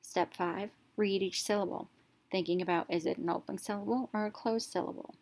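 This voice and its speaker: A woman teacher giving a step-by-step phonics lesson, slowly sounding out letters one at a time. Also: mid-range voice, steady tone, darkish tone.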